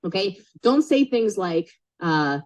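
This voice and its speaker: A woman's voice: mid-range voice, big pitch swings, slow, darkish tone, poor audio. A woman coaching a group live on a sales call, super direct and emphatic, repeating key points and checking in with frequent "okay?" questions. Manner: casual, swears, checks in with "okay?".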